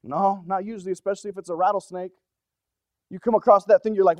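A man preaching a sermon in an earnest, conversational way, often asking the congregation questions and shifting between soft, low-key passages and urgent emphasis. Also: fast, no room sound. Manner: drops to a soft, low-key delivery for stretches, then rises with urgency.

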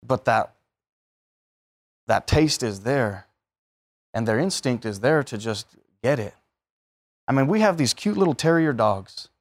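A man's voice: mid-range voice, expressive, unhurried, pauses often. A man preaching a sermon, telling everyday stories and acting out the voices of the people in them. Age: adult, married.

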